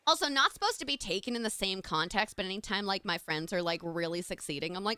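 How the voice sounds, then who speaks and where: A woman's voice: mid-range voice, normal speed, pauses often, pushed and bright, clear, resonant tone, no echo, soft background music. A young adult woman streaming live, chatting casually and gushing thanks to her chat in a bubbly way.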